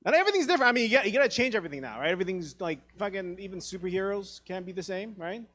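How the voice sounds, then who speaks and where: A stand-up comedian in his thirties, originally from Taiwan, works a theatre crowd with profane, self-deprecating stories. He acts out the other people in his dialogue. His voice sits a little on the high side. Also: animated, racing, a bit bright. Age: 30s. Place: theatre stage.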